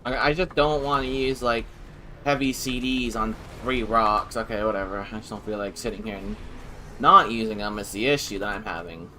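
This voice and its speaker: A man's voice: on the low side, normal speed, pushed and bright, a little hiss or hum. A young man streaming a game live, talking casually with swearing and exasperated questions. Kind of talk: live gameplay commentary.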